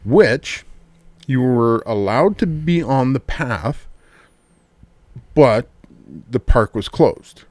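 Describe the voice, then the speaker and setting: Animated storytelling man, dry sound. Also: mid-range voice, extremely slow, pauses often, dry recording. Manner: animated storyteller, acts out quotes. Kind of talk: casual chat.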